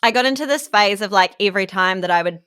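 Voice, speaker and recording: A woman's voice: mid-range voice, quick pace, a bit bright, smooth, dry recording, clean studio sound. A woman co-hosting a podcast in casual chat, giggly and rambling with lots of filler words. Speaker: podcast co-host.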